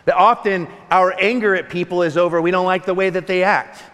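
A man preaching a sermon as a pastor, animated and conversational, with laughing asides. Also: sits high, a little fast, clean tone, big-room sound.

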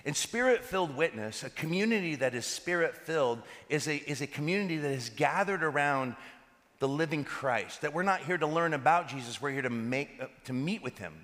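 A man, a pastor, giving a sermon that is full of lively stories. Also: fairly high pitch, a little fast. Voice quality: animated, laughs between anecdotes. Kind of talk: sermon with storytelling. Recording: reverberant hall.

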